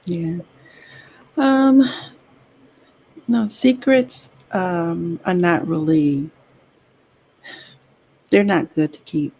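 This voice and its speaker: A woman on an online talk show panel, speaking in a soft, thoughtful and measured way over a video call. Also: on the low side, gravelly, breathy edge, low-quality recording. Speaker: regular panelist. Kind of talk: casual chat.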